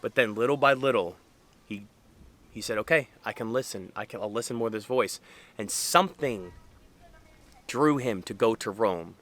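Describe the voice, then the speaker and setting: Earnest young man giving a casual faith talk, bright voice. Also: lowish voice, moderate pace, long pauses. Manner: earnest, conversational, many fillers. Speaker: Catholic speaker.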